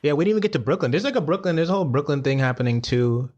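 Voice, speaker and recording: A man's voice: fairly high pitch, expressive, rapid-fire, darkish tone, muffled recording. A man co-hosting a podcast in casual chat. He rambles, with many restarts and "like"s and "you know"s. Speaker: podcast co-host.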